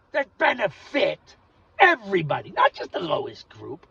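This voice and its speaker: A man delivering a rambling, profane monologue rant, volatile and swinging between loud outbursts and muttering. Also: high voice, huge pitch swings, normal speed, creaky. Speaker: vlogger. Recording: distant dull recording with faint noise.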